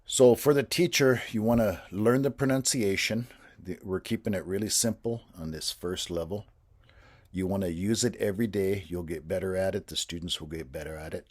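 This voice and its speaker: Deep-voiced man, patient teacher trainer, steady explanatory delivery. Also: normal speed, husky. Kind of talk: instructional explanation.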